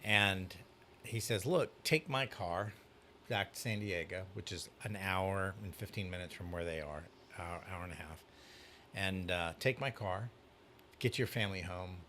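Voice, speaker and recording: A youth pastor with a low voice tells a story in casual conversation, speaking at a measured pace and animatedly acting out the dialogue. There's a little hiss or hum on the recording.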